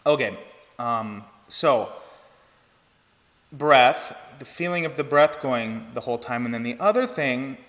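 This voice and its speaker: A man giving an online choir lesson, explaining breath and vowel shape in a relaxed teaching manner. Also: mid-range voice, a little slow, in a large hall. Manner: relaxed teaching talk with sung demonstrations. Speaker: choir director. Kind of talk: online vocal technique lesson.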